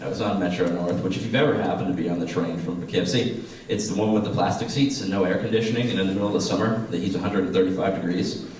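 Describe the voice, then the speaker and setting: A man's voice: deep voice, fairly even intonation, fast, darkish tone. A man in his twenties doing a profane, self-deprecating stand-up comedy set. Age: 20s. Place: small stage at a comedy class show. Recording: echoey room, mic far off.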